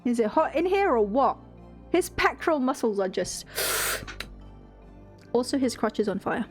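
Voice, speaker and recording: A young woman streams a game with a high, sing-song voice at normal speed over soft background music. She chats casually with viewers, reading the chat aloud and giggling often.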